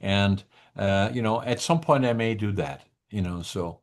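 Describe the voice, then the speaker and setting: An older man from the northeastern Netherlands with a Dutch accent, a native Dutch speaker talking as a guest in an interview, deliberate and halting, with restarts. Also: on the low side. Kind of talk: interview conversation.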